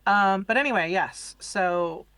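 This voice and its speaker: A man co-hosting a movie podcast, calmly recapping the plot and explaining the characters in a measured way. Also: sits high, clean tone, no echo. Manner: measured, explanatory, hesitant fillers. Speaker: podcast co-host. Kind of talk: casual film discussion, plot recap.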